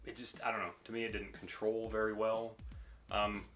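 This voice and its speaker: A man co-hosting a casual collecting video, talking in a relaxed, hesitant way with lots of ums. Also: lowish voice, normal speed, soft background music. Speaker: co-host. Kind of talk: casual collection show-and-tell.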